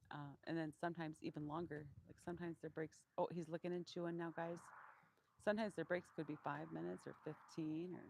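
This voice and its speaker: A woman training a wild donkey in an outdoor pen, speaking calmly and keeping her voice deliberately monotone as she explains each step. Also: slight background noise, low-quality recording. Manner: calm, low-key, deliberately monotone. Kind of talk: live training demonstration.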